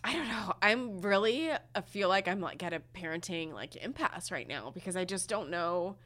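Emotional mom podcaster, halting and teary. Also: female voice, fairly low pitch, animated, fairly bright tone. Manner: emotional, halting, many fillers. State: close to tears. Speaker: podcast co-host. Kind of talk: casual podcast chat.

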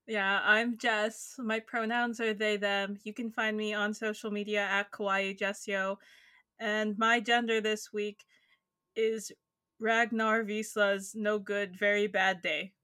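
Bright rambling podcast co-host, dry mic. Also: female voice, medium pitch, flat delivery, slow, clean tone, dry recording. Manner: rambling, laughing, swears freely. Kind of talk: casual chat.

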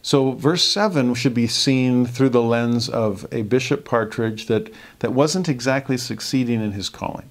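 A man teaching a scripture lesson, earnest, reading verses slowly and softly. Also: mid-range voice.

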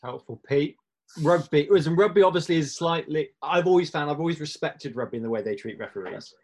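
A man's voice: fairly high pitch, brisk. A man hosting a podcast interview who turns questions to his guests in an encouraging way. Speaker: podcast host.

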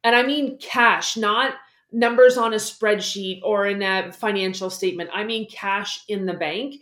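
A woman guest explaining money habits in a casual interview, lively and acting out the voices she quotes. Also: mid-range voice, measured pace, reverberant. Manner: animated, acts out quoted voices.

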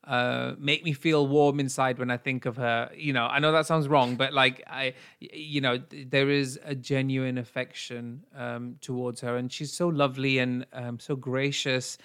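A man co-hosting a laid-back podcast, speaking with a smooth, resonant clarity at a mid pitch. He is earnest and blunt, and swears freely. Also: flat delivery, normal speed, few pauses, a bit bright. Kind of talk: casual podcast chat.

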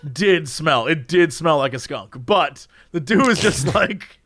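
A man's voice: a little high, lively intonation, measured pace, fairly bright tone. A man telling a funny story in a casual chat, laughing often and acting out the people he quotes. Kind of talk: casual anecdote.

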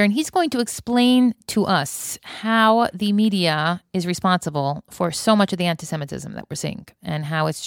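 A woman's voice: medium pitch, smooth, no room sound, clean studio sound. A woman hosting a podcast, talking in a chatty, opinionated way and laughing often. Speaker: podcast host. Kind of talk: casual monologue. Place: Israel.

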